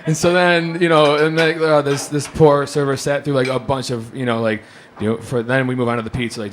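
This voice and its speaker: Male storyteller, casual comic delivery, lots of swearing and acted-out quotes, mid-pitched voice, faint hum behind. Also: a little fast, hardly any pauses. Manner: animated, swearing, acting out others in quotes.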